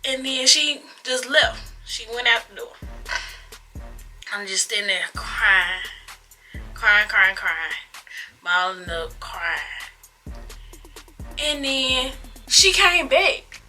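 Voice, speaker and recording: A woman's voice: fairly high pitch, sing-song, slow, long pauses, sharp tone, faint music behind, low-quality recording. A young woman vlogger dramatically retelling a personal story in casual slang, acting out sound effects, recorded on a phone camera. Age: young adult. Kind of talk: storytime vlog.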